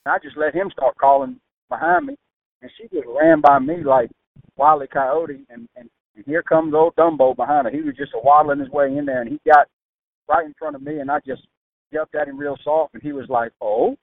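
A man from Louisiana with a Louisiana accent, a guest telling folksy hunting stories in an animated, drawling way. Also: a little high, brisk, no echo. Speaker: guest turkey hunter. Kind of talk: folksy storytelling. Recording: tinny phone-like sound.

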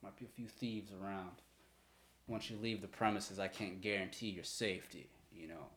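A man's voice: low voice, steady tone, normal speed, a bit bright. A man voicing a practical male guard giving warnings and news, in a roomy space. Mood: matter-of-fact. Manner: matter-of-fact. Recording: roomy echo.

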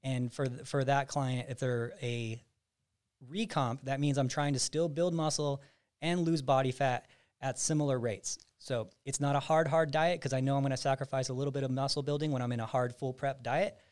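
A man's voice: mid-range voice, steady tone, moderate pace, darkish tone, smooth. A man, a physique coach and podcast host, explaining his methods in casual chat and often restarting sentences. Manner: explains at length with frequent restarts.

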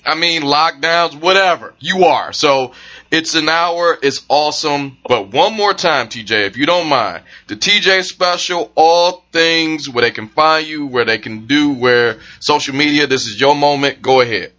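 A man's voice: on the high side, measured pace, bright, forceful tone, muffled recording. A man hosting a podcast, wrapping up a casual interview with a guest, enthusiastic and thankful. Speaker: podcast host.

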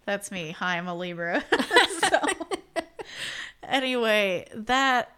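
A talkative woman co-hosting a podcast, chatting casually and laughing often. She drops into little acted voices whenever she retells what someone said, with a pitch that sits right in the middle. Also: slow, sharp tone, smooth. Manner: chatty, laughs often, acts out quoted dialogue. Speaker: podcast co-host. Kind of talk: casual chat.

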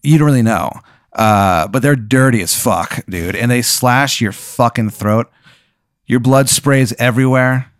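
A man's voice: mid-range voice, measured pace, no room sound, studio quality. A young man hosting a podcast, casually telling an improvised crude story with lots of fillers. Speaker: podcast host.

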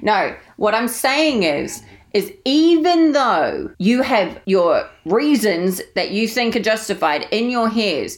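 A woman's voice: medium pitch, very animated, takes it slowly. A woman co-hosting a casual chat, asking probing questions and reasoning things out.

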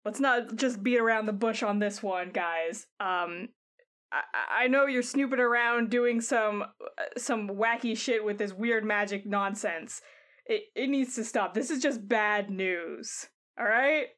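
A woman's voice: mid-range voice, measured pace, a bit bright, close to an everyday voice. A woman voicing a protective, exasperated woman who leads a crew, stammering, rambling and swearing casually in a tabletop game.

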